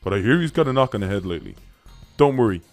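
A man voicing a grateful, reassuring male police chief in a game role-play, in a calm lowered voice. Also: very fast, faint music behind.

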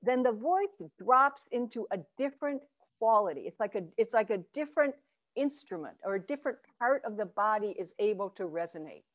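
Relaxed woman Zen teacher guiding voice work. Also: a little fast. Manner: demonstrates chants and low vowel sounds from the belly; relaxed and encouraging, with light laughs. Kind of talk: voice and chanting workshop.

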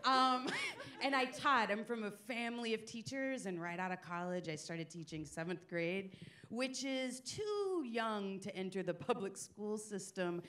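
A woman's voice: medium pitch, lively intonation, unhurried, fairly bright tone, a little hiss or hum. A woman comedian in her forties telling self-deprecating stories on stage, acting out the quotes. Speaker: stand-up comedian. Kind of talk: stand-up comedy storytelling. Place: comedy stage before a live audience. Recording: live audience laughter behind.

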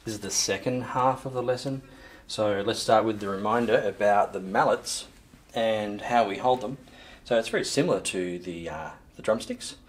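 In this recorded percussion lesson, the teacher has a lowish voice and speaks at normal speed. Drumming fills the background while he counts in, calls out sticking patterns loudly, and follows with calm, patient explanation.

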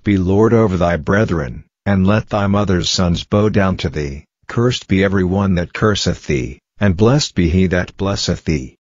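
A man's voice: low-pitched, normal speed, few pauses, darkish tone, dry recording. A man reading the lines of an aged blind father giving solemn blessings, grave and formal. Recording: dull lo-fi, dry.

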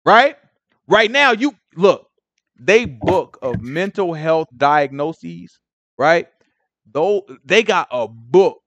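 A man leading a casual Bible study, animated and conversational, full of asides. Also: high-pitched, dry recording.

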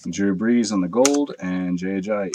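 A man's voice: low-pitched, measured pace, very noisy. A man hosting a live card break, chatting casually with viewers and swearing freely as he opens packs late at night. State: tired from a long night.

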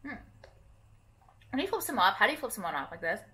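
A woman's voice: mid-range voice, very animated, fast talker, bright, forceful tone. A young woman vlogging casually to camera while doing her makeup, rambling with lots of fillers and casual swearing.

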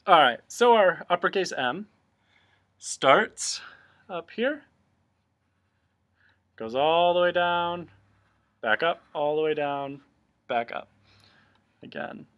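A man's voice: fairly high pitch, animated, slow, long pauses, a bit bright. A man teaching a remote cursive handwriting lesson, explaining each stroke patiently, step by step.

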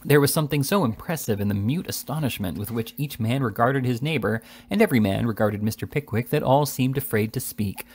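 A man reading a classic novel aloud in a steady, measured storytelling manner. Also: mid-range voice, husky. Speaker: reader. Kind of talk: audiobook narration of a classic novel.

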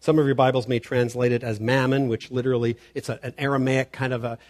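A man's voice: mid-range voice, little pitch movement, fast, darkish tone. A man preaching a sermon as pastor, earnest and emphatic, often stammering on the start of a word. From Canada.

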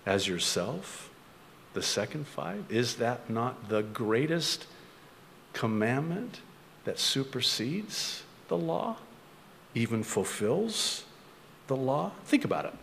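A man's voice: mid-range voice, gravelly, a bit bright, in a large hall, slight background noise. A male pastor preaching a sermon, full of rhetorical questions and self-mocking humor.

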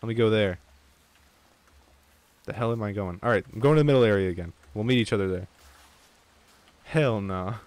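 A young man streaming an online game with viewers, chatting casually, swearing freely and getting excited. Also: lowish voice, moderate pace, pauses often, dry recording. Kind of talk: casual gaming chat.

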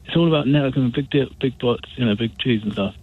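A man's voice: mid-range voice, fast, slightly rough. A man calling into a radio phone-in, rambling and restarting as he makes his point. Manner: rambling, hesitant, full of restarts. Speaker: caller. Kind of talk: phone-in call. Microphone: telephone. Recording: tinny phone line.

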